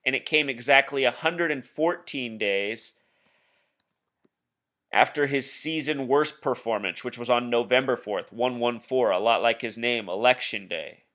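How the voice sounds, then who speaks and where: Unhurried and fairly bright, a mid-range male voice talks casually over a screen share. The video blogger presses his conspiratorial theories, addressing the viewer directly as "Truth Seeker."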